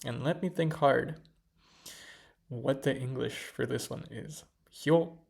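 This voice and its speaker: Gravelly slow-talking man muttering while studying. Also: mid-range voice. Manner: muttering to himself, mostly soft with excited bursts. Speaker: language learner vlogger. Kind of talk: casual study commentary. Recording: loud keyboard typing behind.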